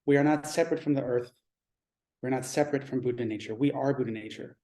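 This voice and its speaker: Male Zen teacher, dharma talk; mellow, warm tone, reflective delivery with pauses. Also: mid-range voice. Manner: reflective, measured, with pauses and restarts.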